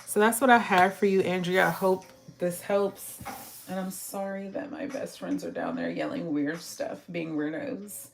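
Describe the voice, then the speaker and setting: A woman reads tarot cards for her viewers in a loose, chatty way and speaks to them directly. Her voice is low-pitched with plenty of vocal fry. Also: animated, measured pace, a little hiss or hum. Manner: chatty, laughs often, talks to viewers directly. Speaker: tarot reader. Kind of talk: casual tarot reading to viewers.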